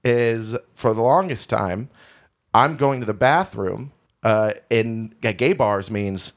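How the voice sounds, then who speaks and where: A man's voice: fairly low pitch, slow. A man from Houston, a podcast co-host, telling a candid, rambling, self-deprecating story in casual chat. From Houston, Texas.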